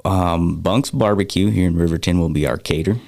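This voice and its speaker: A man talking in a relaxed, easygoing way as a guest on a radio show, promoting an upcoming banquet with plenty of fillers. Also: sits low, fairly quick, gravelly, dry recording, studio quality. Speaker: guest, foundation organizer. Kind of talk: casual radio chat.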